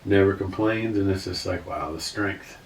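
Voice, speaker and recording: A man's voice: sits low, moderate pace, creaky. A man in his fifties, a podcast guest telling a heartfelt personal story, talking earnestly and often restarting his sentences. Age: 50s. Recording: roomy, distant mic with faint noise.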